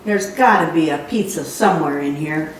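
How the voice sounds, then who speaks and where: A woman's voice: low-pitched, moderate pace, a little hiss or hum, pitched below the performer's own voice, close to an everyday voice. A woman voicing a hungry, wisecracking pet cat with wry asides, reading a storybook aloud. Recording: echoey room, mic far off.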